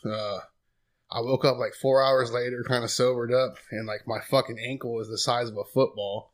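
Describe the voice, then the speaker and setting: A man's voice: mid-range voice, steady tone, normal speed. A man, telling a long story in profane, laid-back casual chat. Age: 20s. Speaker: guest.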